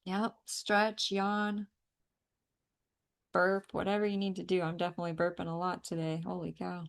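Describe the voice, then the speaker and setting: A woman leading a group energy clearing session, coaching listeners through breathing and tapping with emphatic, outspoken encouragement and the occasional swear word. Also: on the low side, flat delivery, moderate pace. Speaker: energy healing facilitator.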